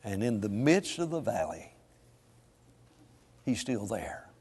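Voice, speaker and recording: A man preaching a sermon to a congregation, swinging between hushed lines and loud, drawn-out emphasis. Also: on the low side, big pitch swings, breathy edge. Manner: dramatic swings from soft to loud, slow emphatic phrasing. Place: church sanctuary. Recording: long hall reverb.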